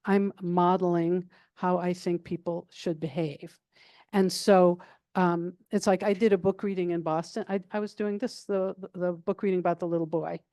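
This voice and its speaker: An older retired woman, a guest speaker answering audience questions in a calm, level, chatty way with many fillers. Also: fairly low pitch, normal speed, no room sound, clean studio sound. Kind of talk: casual Q&A answers.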